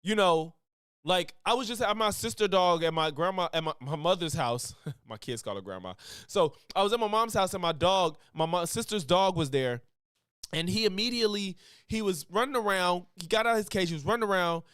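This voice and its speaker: A man streaming casual reaction commentary, animated, laughing often and breaking into loud exclamations. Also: high-pitched, fairly quick, smooth, no room sound, studio quality.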